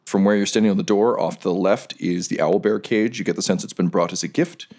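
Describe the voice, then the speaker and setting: A man's voice: sits low, fast, darkish tone. A man narrating as game master of a tabletop game, describing scenes and often laughing.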